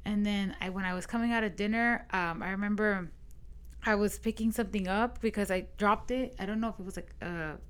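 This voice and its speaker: On a podcast, a young woman in her twenties chats casually as she retells a long dream full of "I was like" quotes. She co-hosts with a medium-pitched, clean voice at a fairly quick pace.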